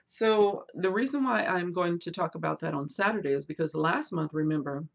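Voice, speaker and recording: A woman hosting a casual book livestream, chatting animatedly and reading viewer comments aloud, swinging between lively bursts and quiet asides. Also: fairly low pitch, normal speed, gravelly, noisy background. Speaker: booktube host.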